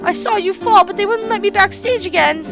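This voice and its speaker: A woman's voice: very high-pitched, a little fast, pitched above the performer's own voice. A woman reading the lines of a caring young female friend, in a soothing, fussing way. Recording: game music playing behind.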